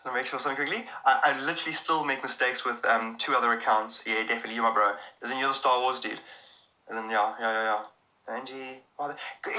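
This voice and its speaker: A South African comedian chatting casually on a live stream, answering viewers' comments in a rambling, excitable way with many restarts. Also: male voice, mid-range voice, quick pace, dull audio.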